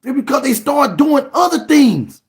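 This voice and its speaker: A man preaching an emphatic sermon, repeating words and breaking into shouts. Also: extremely high pitch, big pitch swings, normal speed. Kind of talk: fiery sermon.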